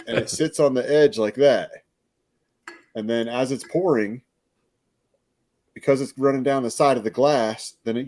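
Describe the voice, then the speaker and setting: Guy doing a laid-back soda review, rambly, laughs a lot, average pitch. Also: a little mellow. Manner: chatty, laughs often, rambling explanations. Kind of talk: casual chat.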